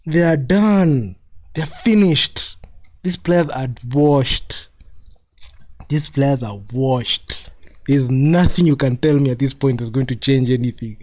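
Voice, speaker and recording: A man's voice: mid-range voice, slow pace, a little mellow, lo-fi sound. Mocking man commenting live on a game. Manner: mocking, laughs often, repeats himself. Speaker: basketball commentator streaming live.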